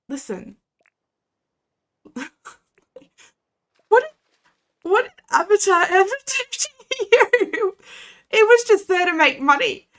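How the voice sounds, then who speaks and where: A young adult woman, chatting casually with her viewers during a game stream and launching into animated rants. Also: a little high.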